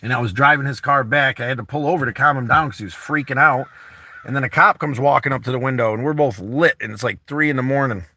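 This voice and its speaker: In a dry recording, a man hosts a vlog from inside a camper van, chatting casually with friends. His medium-pitched voice is fast, bright and forceful, and he rambles candidly, swearing and saying "you know" a lot.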